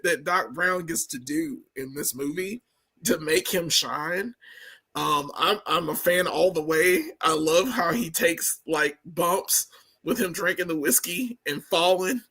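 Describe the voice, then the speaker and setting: A man co-hosting a casual movie review podcast, talking excitably and repeating himself to make a point. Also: high-pitched, unhurried, breathy edge. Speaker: podcast co-host.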